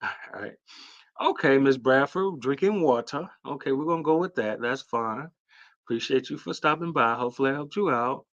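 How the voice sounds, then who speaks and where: A man hosting a casual livestream Q&A, talking loosely and with hype, with lots of fillers and shout-outs to viewers. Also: medium pitch, normal speed, dull audio. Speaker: host.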